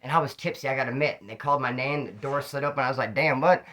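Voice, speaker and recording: A middle-aged man telling rambling, slang-filled prison stories in a casual, animated way, a little tipsy. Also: mid-range voice, racing. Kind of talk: casual storytelling to camera.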